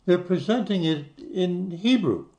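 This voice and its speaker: A man's voice: sits high, lively intonation, measured pace, darkish tone. An older man from the United States who talks you through websites in a casual screen-share, spelling things out letter by letter. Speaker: channel host.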